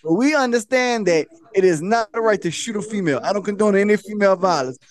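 Animated man telling a story. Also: sits high, quick pace. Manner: animated storytelling, acts out quotes with lots of laughing. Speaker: podcast host. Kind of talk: casual chat.

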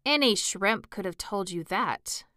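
A woman voicing an impatient, know-it-all male Gryphon in a storybook reading, brisk and solemn. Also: medium pitch, animated, fairly bright tone, smooth, no room sound, studio quality.

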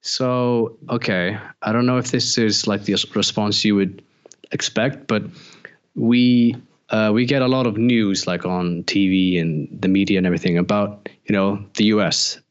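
A man from Iceland, a guest in a casual interview, answering in a relaxed, easygoing way. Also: lowish voice, normal speed, muffled recording. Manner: relaxed, easygoing, with short agreeing replies.

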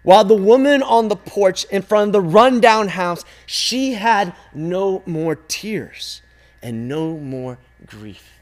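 A man telling a parable slowly and expressively, calling out loudly at times and sinking to a hush at others. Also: sits high. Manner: slow, expressive telling, swinging from loud calls to hushed near-silence. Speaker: storyteller. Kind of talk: dramatic storytelling.

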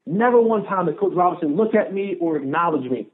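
A man, a former football player, telling a story as a podcast guest, animated and repeating phrases for emphasis. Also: sits high, a little fast. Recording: tinny phone-line audio.

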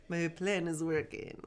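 A woman's voice: lowish voice, steady tone, slow pace. A woman co-hosting a podcast in casual chat, playful and giggly, her voice a little stuffy. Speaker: podcast co-host.

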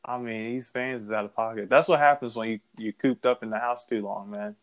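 A man's voice: mid-range voice, fairly even intonation, brisk. A man co-hosting a casual talk recording, talking loosely with slang and laughing often. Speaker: podcast co-host. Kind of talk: casual chat.

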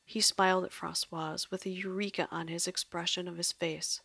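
Gravelly low-voiced woman narrator. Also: flat delivery, normal speed, fairly bright tone, no echo. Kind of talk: audio drama narration.

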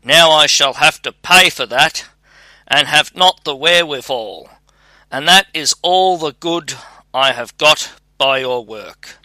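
A man voicing a grumbling, quick-tempered old woodcutter father in a read-aloud fairy tale, scolding and exasperated. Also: medium pitch, pushed and bright, no echo. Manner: scolding, exasperated storybook reading.

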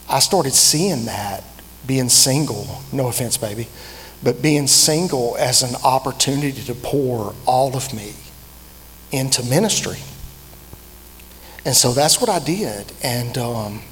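A middle-of-the-range male voice delivers a sermon as a man in his fifties. He talks in a personal, conversational way, pausing and restarting often. The room rings with a long reverb, and a faint hum sits underneath. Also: mid-range voice. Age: 50s. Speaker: preacher.

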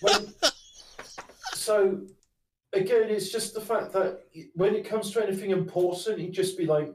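A man chatting casually on a stream, rambling with halting restarts. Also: high-pitched, animated, darkish tone. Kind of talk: casual chat. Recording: roomy, distant mic, faint noise.

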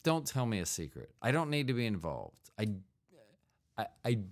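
A man with a slightly low voice hosts a solo comedic podcast. He rambles from tangent to tangent, leaning on fillers and throwing in silly mouth sound effects. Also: darkish tone. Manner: rambling and digressive, with frequent fillers. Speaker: podcast host.

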